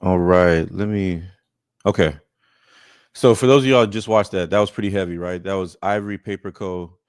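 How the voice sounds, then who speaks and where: A man's voice: deep voice, moderate pace, smooth, dry recording, clean studio sound. A man reacting to a video and earnestly explaining how business owners burn out, repeating key points. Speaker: accountant and business coach reacting. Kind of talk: reaction commentary, advice.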